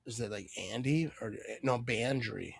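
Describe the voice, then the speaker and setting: A man hosting a live sports watch party, chatting casually, joking and reading viewer comments, breaking into excited play-by-play on big plays. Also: medium pitch, normal speed, gravelly, crowd noise. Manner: rambling, joking, reads viewer comments aloud.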